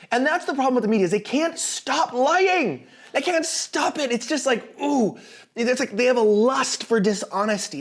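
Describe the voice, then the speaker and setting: A young man hosting a casual commentary show, talking in an animated, sarcastic way with frequent restarts. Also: sits high. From United States. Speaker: political commentary host.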